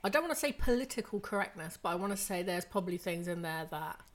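A woman's voice: on the low side, animated, fast talker. An English woman chatting as a guest on a film podcast, dropping dry, wry asides. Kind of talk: casual chat.

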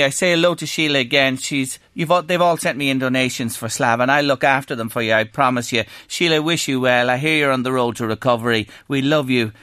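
Chatty Irish radio presenter. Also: male voice, fairly high pitch, pushed and bright, no room sound. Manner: chatty, upbeat, rambling. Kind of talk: afternoon radio chat. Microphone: studio mic.

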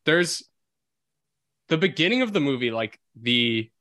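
A man co-hosting a casual film podcast, animated and rambling, laughing often. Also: mid-range voice, measured pace, dry recording. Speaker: podcast co-host.

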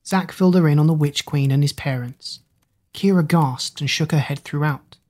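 A woman reading a story aloud in steady, measured audiobook narration. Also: sits low.

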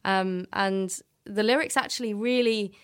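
A woman's voice: mid-range voice, fairly even intonation, a little slow, smooth. Chatty young woman hosting a show. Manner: chatty, giggly, lots of fillers. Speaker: radio show host. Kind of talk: casual chat and interview. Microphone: home recording under a blanket.

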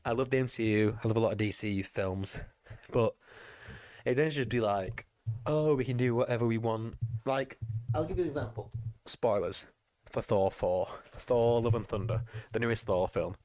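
On a casual film podcast, a male co-host drinks, hiccups, and rants about the film, mocking it with quoted voices and plenty of swearing. His voice is lowish and his speed normal, animated throughout, with no room sound on the recording.

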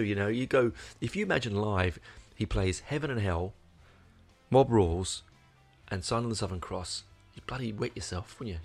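A man casually reviewing a record, rambling and swearing with plenty of restarts and enthusiasm. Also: fairly low pitch. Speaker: album reviewer. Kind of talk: casual spoken album review.

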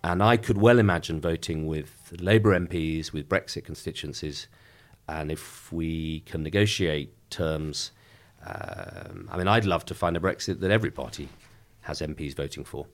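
A middle-aged member of Parliament with a bass voice and lively intonation gives a political interview. He is measured and emphatic but restarts frequently.

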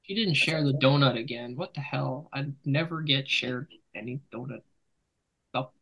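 A man hosting a casual podcast chat on a laptop mic, loud and joking, swearing freely. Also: medium pitch, moderate pace, gravelly, highs cut off. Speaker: podcast host.

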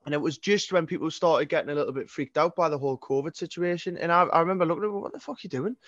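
A Geordie guest from North East England, a singer-songwriter in his 20s, rambles through a casual interview. He swears a lot and frequently starts over. He talks very fast in a slightly high, fairly bright voice, and the audio has no room sound, with the highs cut off.

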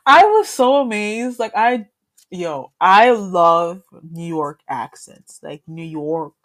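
A woman's voice: lowish voice, expressive, takes it slowly. A woman co-hosting a casual chat show, chatty and laughing often. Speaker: podcast co-host.

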